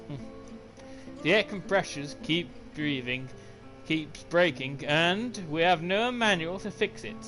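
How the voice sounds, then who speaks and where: Man, let's play host, sarcastic jokes, reads notes aloud, bright tone, slightly high voice. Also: takes it slowly, soft background music. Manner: joking, sarcastic asides. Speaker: gaming channel host.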